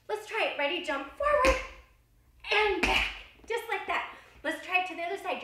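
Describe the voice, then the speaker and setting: A woman's voice: very high-pitched, very noisy. A woman leading a children's dance lesson, upbeat and encouraging as she counts out the steps. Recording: roomy, distant, loud music behind.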